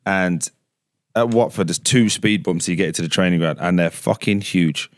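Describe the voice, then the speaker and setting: Deep-voiced man telling a story loosely. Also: moderate pace, dry recording, studio quality. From England. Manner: swears freely, acts out quotes in a hushed voice. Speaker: guest, former footballer. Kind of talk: casual storytelling. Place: basement studio.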